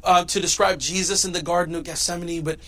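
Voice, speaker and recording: A man preaching a sermon as pastor, swinging between loud emphatic lines and hushed ones. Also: high voice, little pitch movement, fast.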